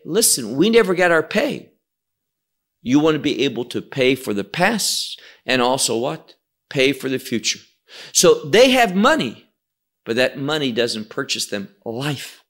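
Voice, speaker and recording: A man teaching the Bible verse by verse, explaining Hebrew terms and asking and answering his own questions. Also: on the high side.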